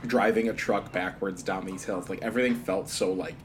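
A man co-hosting a casual podcast talk about a film, lively and quick to laugh, acting out quotes with big jumps in pitch. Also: a little hiss or hum. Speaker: podcast co-host. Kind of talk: casual movie discussion.

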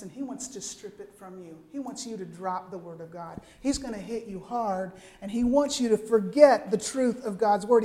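An older woman with a medium-pitched voice preaches in a lively, conversational way, frequently checking in with her listeners through quick asides.

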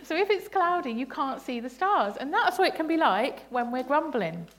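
A woman's voice: sits high, sing-song, moderate pace, a bit bright. Playful woman leading a church talk. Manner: playful, laughing, asks the congregation questions. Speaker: bible study leader. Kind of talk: interactive family sermon. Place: church service.

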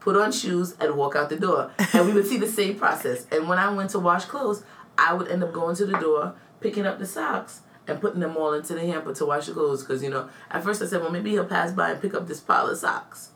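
A woman, chatting casually as a podcast co-host and telling animated stories with acted-out quotes. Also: fairly low pitch, a little fast, roomy sound, far from the mic. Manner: animated storyteller, acts out quotes, bursts into laughter. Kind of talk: casual chat.

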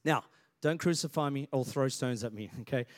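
A man's voice: medium pitch, normal speed, no room sound, clean studio sound. A man preaching a sermon, energetically acting out voices and calling out to the congregation. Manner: lively preacher, acts out Bible voices, calls on the congregation. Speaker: pastor.

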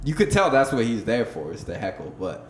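A man's voice: mid-range voice, sing-song, fairly quick, crowd noise. A young man co-hosting a podcast, telling stories in a loose, profane way and laughing often. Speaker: podcast co-host. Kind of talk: casual chat. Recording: roomy echo, faint background noise.

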